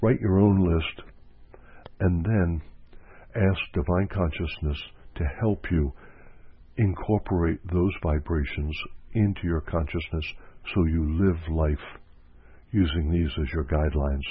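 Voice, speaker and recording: A man's voice: sits low, a little slow, slightly rough, no echo. A man giving a reflective spiritual teaching talk as a counselor, repeating phrases for emphasis. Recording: dry, phone-like narrow sound.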